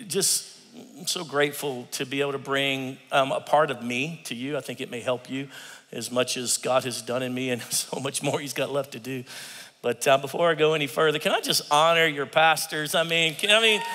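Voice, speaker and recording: A man in his fifties preaching a humorous sermon in a church, an animated storyteller who laughs often. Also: on the high side. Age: 50s. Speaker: guest preacher. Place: church sanctuary. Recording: long reverb of a large hall.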